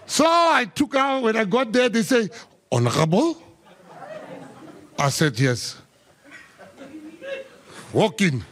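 A man's voice: high-pitched, fairly bright tone. A South African man, a government minister, giving a humorous public speech full of joking anecdotes and emphatic quoted asides.

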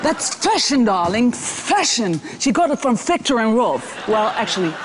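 A woman playing a brash, boozy party-girl friend who talks loudly and dramatically, with background noise. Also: very animated, normal speed. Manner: loud, brash and dramatic, swinging pitch widely.

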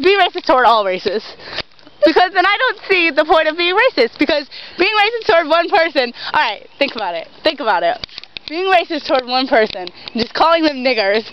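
A woman with a high, bouncing voice rambles and swears through casual chat with a friend. It is dull, lo-fi camera audio taken outdoors, with clear background noise around her. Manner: rambling, profane, laughing, uses slang. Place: outdoors near water and trees.

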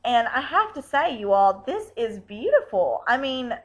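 A woman's voice: fairly high pitch, very animated, a little slow, low-quality recording. A woman hosting a fan vlog, chatting casually in a bubbly, gushing way. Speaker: vlog host.

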